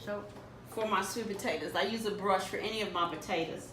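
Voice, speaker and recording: A woman's voice: mid-range voice, a little fast. A woman talking through a recipe step by step in a casual cooking tutorial, filmed in a home kitchen. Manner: homey step-by-step instructions. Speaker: home cook demonstrating a recipe. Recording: echoey kitchen from a distant mic with background noise.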